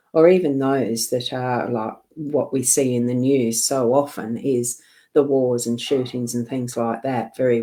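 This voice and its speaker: A middle-aged woman with an Australian accent from South Australia, giving a gentle, meandering live card reading from her home desk, full of fillers and self-corrections. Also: a bass voice. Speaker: psychic card reader.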